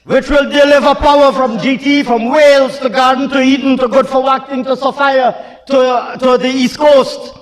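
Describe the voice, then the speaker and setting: A man's voice: very high-pitched, little pitch movement, moderate pace, few pauses. A man with a Guyanese accent, a government minister giving a heated, taunting parliamentary speech full of repetition. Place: parliament chamber. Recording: long chamber reverb, faint murmuring crowd.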